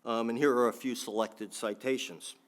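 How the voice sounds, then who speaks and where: A man's voice: medium pitch, steady tone, normal speed. A man giving a think-tank panel talk with frequent ums and restarts, adding dry asides.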